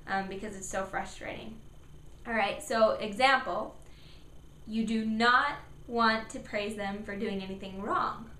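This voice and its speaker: A woman's voice: mid-range voice, fairly bright tone. A woman giving upbeat, encouraging speech therapy tips to parents and demonstrating sounds. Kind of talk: instructional talk to parents. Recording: echoey room, faint background noise.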